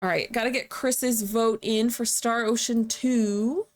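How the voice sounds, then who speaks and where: A sleepy young woman streams a game, giving casual live commentary while joking, laughing often, chatting with viewers and reading chat aloud. Her voice is a little high, with fairly even intonation and an unhurried delivery.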